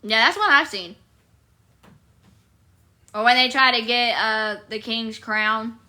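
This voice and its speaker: Giggly woman chatting with her live audience, high and bright. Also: slow. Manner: playful and giggly, chatting with viewers. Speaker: live streamer. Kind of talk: casual live-stream chat.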